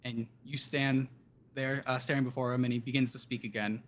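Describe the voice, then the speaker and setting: A man narrating as game master of a tabletop game, in loose, halting speech full of fillers. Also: mid-range voice, level tone.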